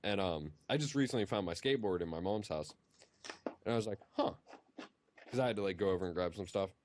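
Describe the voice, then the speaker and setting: Young man, low-voiced, rambling storyteller who says "like" constantly, heard over a voice call. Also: fast, darkish tone, slight background noise. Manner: rambling, heavy use of "like". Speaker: guest on group call. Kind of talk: casual storytelling.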